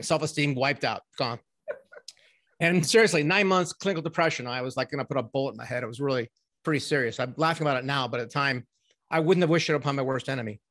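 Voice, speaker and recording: A middle-aged man talking as a guest on a remote interview, telling long stories in a rambling, animated way with many fillers and restarts. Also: a little high. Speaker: podcast guest, ghostwriting company owner. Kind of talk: casual interview storytelling.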